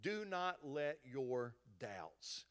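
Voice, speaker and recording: A man's voice: medium pitch, very animated, very slow, clear, resonant tone. A middle-aged male pastor, preaching a sermon in an impassioned, exhorting manner. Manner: impassioned, building to loud exhortation.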